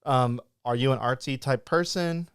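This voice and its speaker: A man hosting a podcast interview, upbeat and quick with interjections like "all right.". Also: medium pitch, smooth, no room sound, clean studio sound. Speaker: podcast host. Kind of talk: casual interview chat.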